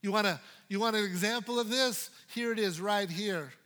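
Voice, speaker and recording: A male pastor preaching a sermon in a playful, dynamic way, swinging from loud to hushed. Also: sits high, normal speed, in a large hall.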